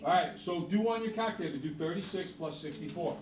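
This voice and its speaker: A man's voice: fairly high pitch, a little fast. A middle-aged man teaching a math class, chatty and jokey, quizzing the students. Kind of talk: classroom lesson. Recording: roomy, from far off.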